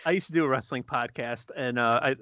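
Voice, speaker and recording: A man co-hosting a casual chat podcast, a comedian telling anecdotes with animated asides. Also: medium pitch, brisk, no room sound. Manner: storytelling, animated impressions in anecdotes.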